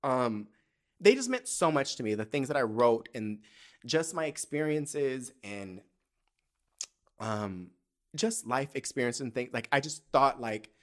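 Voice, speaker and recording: A man's voice: medium pitch, lively intonation, measured pace, fairly bright tone. Candid, profane young man storytelling. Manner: candid, profane, emotional, often tearful and laughing. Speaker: podcast host. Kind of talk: casual solo podcast storytelling.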